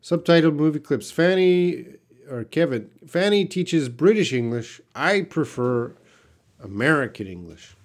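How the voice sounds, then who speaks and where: A man's voice: on the high side, lively intonation, measured pace. A Canadian man, an English teacher, answering viewers' questions patiently in a live-stream lesson.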